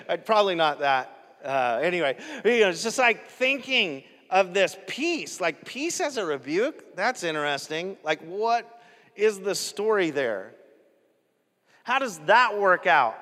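Animated preacher in an echoing hall. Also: male voice, a little high, unhurried. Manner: animated and conversational, laughing between points. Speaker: pastor. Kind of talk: sermon. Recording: echoey hall with long reverb.

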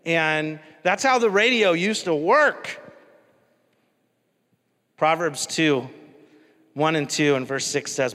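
A man's voice: on the high side, takes it slowly, pauses often, pushed and bright, long reverb tail. A male pastor preaching a sermon in a casual, conversational way, often asking the congregation questions.

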